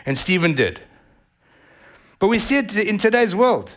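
A man with a South African accent preaching a sermon as pastor, animated and vivid in delivery. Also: high-pitched, measured pace. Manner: animated, acts out voices of others.

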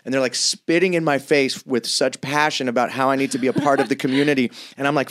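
A man talks at an everyday middle pitch as a podcast guest. He rambles through stories and swears freely. His crude jokes land in the middle of a casual chat. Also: steady tone, fast, hardly any pauses. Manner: crude joking storyteller.

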